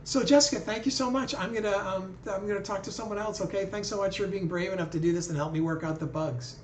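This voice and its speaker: A high-pitched man talks fast as he hosts a livestream, chatting with callers over live video in a laid-back, conversational manner. The recording is made in an echoey room with a faint hiss or hum.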